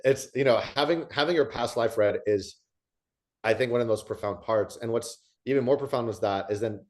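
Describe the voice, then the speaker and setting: A man's voice: mid-range voice, fairly quick, a little mellow. A man hosting an interview, talking enthusiastically about his own experiences, with frequent restarts as he gathers his thoughts. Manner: enthusiastic, storytelling, many restarts. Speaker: host. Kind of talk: conversational interview.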